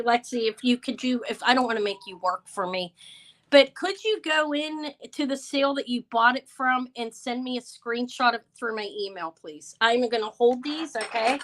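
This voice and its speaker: A woman's voice: on the high side, fairly bright tone, poor audio. A tired, stressed woman hosting a live jewelry sale, talking in a flustered, apologetic way with many stumbling restarts. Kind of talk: live-stream sales chat.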